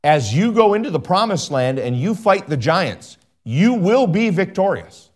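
A man preaching a sermon as pastor, asking his listeners frequent questions and swinging between loud emphatic lines and low quiet asides. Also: big pitch swings, a little slow. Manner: asks the congregation frequent questions.

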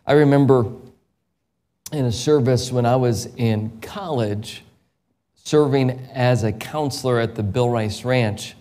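Impassioned evangelist preacher, man. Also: mid-range voice. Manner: builds to loud impassioned peaks, then drops to quiet storytelling. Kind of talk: sermon.

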